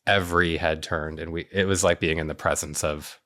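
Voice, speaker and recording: A woman's voice: rumbling low, fairly even intonation, fairly quick, a bit bright. A woman hosting a casual interview, gushing and asking eager questions.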